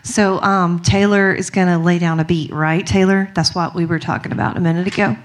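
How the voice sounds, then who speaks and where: A woman's voice: fairly low pitch, steady tone, a little fast, slight background noise. A young woman from Mississippi with a strong Southern accent, chatting casually and giggly with lots of fillers. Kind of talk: casual chat to a group.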